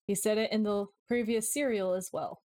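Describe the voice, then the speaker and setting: Female co-host, chatty and casual, mid-pitched. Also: steady tone, darkish tone. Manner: chatty, quick asides with "like". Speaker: podcast co-host. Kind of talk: casual chat.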